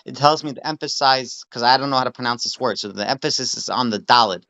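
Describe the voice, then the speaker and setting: A man teaching a study session, reading text aloud slowly and repeating words to explain pronunciation. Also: medium pitch, bright, forceful tone, lo-fi sound.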